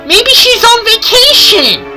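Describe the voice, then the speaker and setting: A woman voicing a friendly male train engine who is anxious and a bit sick, in a high, fretful voice. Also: big pitch swings, slow, pushed and bright, soft background music, exaggerated voice.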